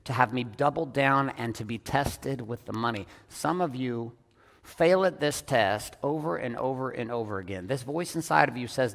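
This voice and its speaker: On stage before a business audience, a male coach with a medium-pitched voice delivers a blunt, profanity-heavy motivational talk. He alternates between loud, emphatic bursts and hushed, intense stretches, and the sound carries the feel of a big room.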